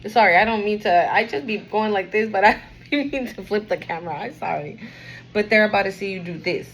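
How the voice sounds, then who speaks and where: A woman giving a casual spiritual card reading to camera, rambling and encouraging the viewer, sometimes dropping to a quieter murmur. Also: mid-range voice, a little fast, a little hiss or hum, poor audio. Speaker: tarot and oracle card reader.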